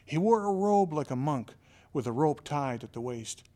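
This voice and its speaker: A man who is a motivational speaker, telling a scripted story in an expressive, dramatic way. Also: fairly high pitch, normal speed. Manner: expressive, dramatic, with shifting loudness.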